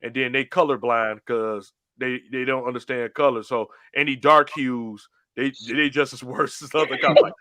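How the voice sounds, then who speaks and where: A man hosting a casual talk show, telling stories in an animated way and acting out phone menus. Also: medium pitch, normal speed, no echo. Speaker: show host. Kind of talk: casual podcast chat.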